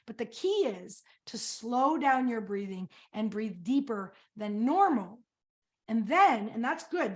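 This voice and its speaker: A middle-aged woman coach giving an energetic webinar presentation, often quizzing her audience with questions. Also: a little high.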